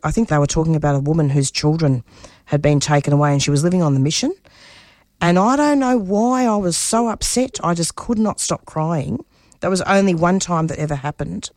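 Interviewed about her personal experiences, a community radio producer from Australia, middle-aged, talks fairly quickly in a low, darkish voice. The dry, studio-quality recording catches her passion, her many restarts, and the way her voice lifts when she's stirred.

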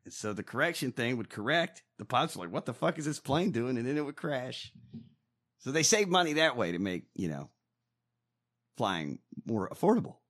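A man co-hosting a casual show, ranting and swearing in an animated way. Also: medium pitch, normal speed. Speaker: podcast co-host. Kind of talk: casual profane chat.

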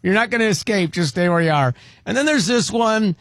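A man hosting a morning radio show, telling a story with animated, teasing banter. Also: high-pitched, brisk, no room sound, clean studio sound.

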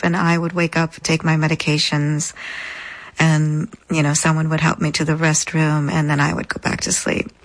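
A woman guest in an interview, recounting a personal experience in a measured, deliberate way with frequent pauses. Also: low-pitched, poor audio. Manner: measured, deliberate, pausing often. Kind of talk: reflective personal storytelling.

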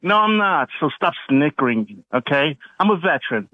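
A man's voice: a little high, sing-song, normal speed, no room sound. A man calling in to a radio show, defiant and insulting toward the host. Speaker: caller. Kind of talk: phone-in argument. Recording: tinny phone line.

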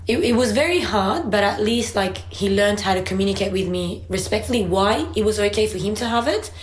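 A woman in casual podcast chat, telling a parenting story at length and second-guessing herself as she goes. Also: medium pitch. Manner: chatty, self-questioning storyteller. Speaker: parent sharing experience. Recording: roomy echo.

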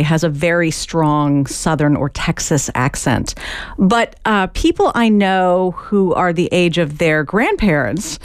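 A woman in her fifties hosting a public radio interview, asking calm, measured questions into a studio microphone. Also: fairly low pitch, smooth, no room sound. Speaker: radio talk show host.

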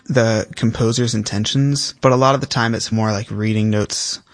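A teenage male percussionist answering interview questions in a relaxed, thoughtful way, with frequent fillers. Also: on the low side, normal speed, dry recording. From South Carolina, US. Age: teens. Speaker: young percussionist guest.

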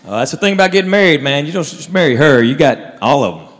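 Animated man doing stand-up. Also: fast. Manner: storytelling, animated, drops to low asides. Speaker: stand-up comedian. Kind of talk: stand-up comedy set. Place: stage in a large hall. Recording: live hall, faint crowd. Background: faint audience and room noise.

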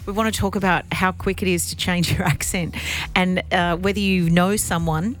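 A woman's voice: fairly low pitch, fairly even intonation, normal speed, faint music behind. A woman co-hosting a radio show, chatting casually and making fun of herself. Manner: chatty, self-deprecating, laughs often. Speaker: radio co-host.

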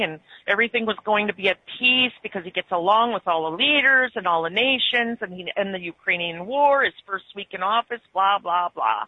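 A woman from Wisconsin with an Upper Midwest accent, calling in to a radio show and chatting in a rambling way with restarts. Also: medium pitch. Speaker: caller. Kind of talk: casual call-in chat. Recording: muffled phone-in line.

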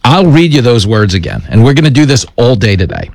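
Sarcastic gravelly talk radio host. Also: male voice, medium pitch, a little fast, no room sound. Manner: sarcastic, mocking, animated.

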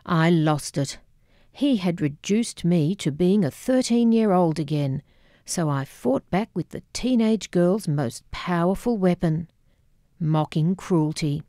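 A woman narrating her own memoir as an audiobook, measured and wry. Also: lowish voice, animated, warm tone, no room sound, clean studio sound.

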